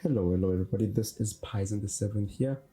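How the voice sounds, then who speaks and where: A man co-hosting a podcast in casual chat, dry and teasing, with a steady delivery. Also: fairly low pitch, fast talker. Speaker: podcast co-host.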